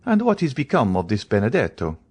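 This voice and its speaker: A man's voice: medium pitch, wildly swooping pitch, brisk, husky. A man voicing a stern, commanding priest. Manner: imperious, interrogating. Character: stern commanding priest in disguise, male, middle-aged.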